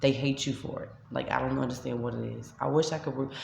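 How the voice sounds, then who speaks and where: A woman's voice: very deep voice, fairly even intonation, fast, vocal fry, reverberant, a little hiss or hum. A woman with a New York accent, a shelter resident venting to camera in a vlog, upset and tearful as she retells an argument. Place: shelter room by a street window.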